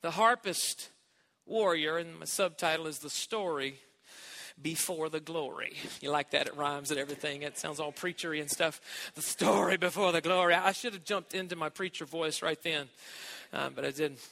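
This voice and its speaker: A man's voice: a little high, moderate pace, creaky, pushed and bright, long reverb tail. A man giving a sermon as a guest preacher, emphatic and stretching key words, with light joking asides.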